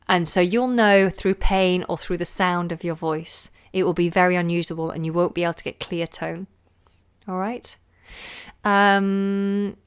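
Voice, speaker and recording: A woman, a singing teacher answering viewer questions in a relaxed, chatty way on a live stream. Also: fairly low pitch, smooth. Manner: relaxed, chatty, demonstrates sounds with her voice.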